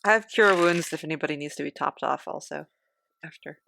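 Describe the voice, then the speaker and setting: A woman's voice: deep voice, fairly quick, gravelly, a bit bright, slight background noise. A woman playing a tabletop game, upbeat and helpful. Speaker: player. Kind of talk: casual tabletop play.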